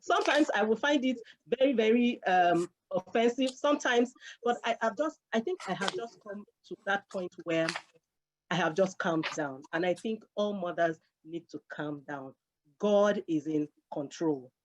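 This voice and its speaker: A woman's voice: mid-range voice, lively intonation, normal speed. A middle-aged woman talking earnestly in a casual chat, repeating key phrases for emphasis. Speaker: guest speaker. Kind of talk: casual conversational advice. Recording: dull lo-fi sound.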